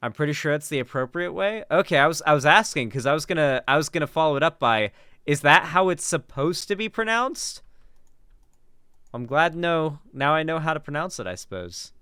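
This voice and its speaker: A man's voice: fairly high pitch, lively intonation, quick pace, hardly any pauses, a bit bright, clear, resonant tone, no room sound, clean studio sound. A man hosting a commentary channel, reacting to a debate clip with casual, chatty talk and sarcastic asides.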